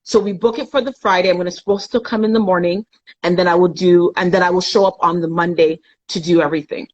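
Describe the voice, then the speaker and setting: A woman's voice: fairly low pitch, steady tone, fast talker, lo-fi sound. A young adult woman from Canada, a guest in a live chat, telling a painful personal story candidly and acting out the voices of the people in it.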